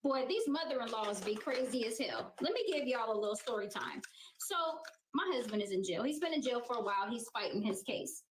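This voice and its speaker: A woman's voice: fairly high pitch, expressive, brisk, echoey room, slight background noise, poor audio. A woman telling a storytime monologue in a brash, slangy way.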